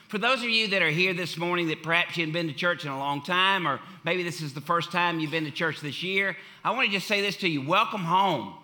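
Bright-voiced man preaching a sermon. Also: a little high. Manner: emphatic, repeats key phrases, swings from loud to hushed. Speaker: pastor. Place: church sanctuary.

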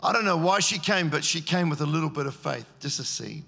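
A man preaches a storytelling sermon and acts out scenes in character voices. His voice is gravelly and husky, with a bright edge. It echoes through a church hall. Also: fairly high pitch, lively intonation, a little fast.

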